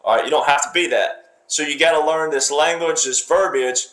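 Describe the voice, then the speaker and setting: A man's voice: fairly high pitch, steady tone, brisk, a bit bright. A man giving political commentary in an emphatic, lecturing way, repeating himself and talking in fragments. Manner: emphatic, repetitive, speaks in fragments. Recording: roomy echo.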